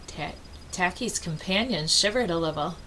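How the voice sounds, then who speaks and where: A woman reading a children's storybook aloud with expressive delivery and dramatic pauses. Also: on the high side, a little hiss or hum, rough recording. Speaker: storybook reader.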